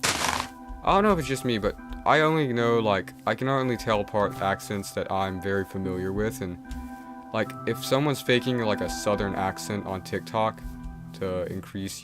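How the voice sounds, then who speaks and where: A young man, streaming a game and chatting casually in a rambling way, full of fillers and restarts. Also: low-pitched. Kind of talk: casual rambling chat while playing a game. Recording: game music playing clearly behind the voice.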